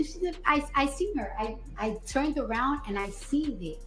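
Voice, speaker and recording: A woman testifying as a witness in court, retelling an argument and acting out the quoted dialogue with lively energy. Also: on the high side, moderate pace, roomy sound, faint music behind, low-quality recording. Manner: animated, acts out quoted dialogue.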